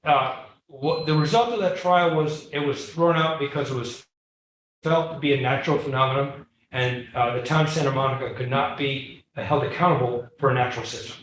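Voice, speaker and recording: A man giving a storytelling lecture to a live audience on coastal science, lively and acting out the dialogue in his anecdotes. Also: medium pitch, brisk. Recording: echoey room, heard from far off.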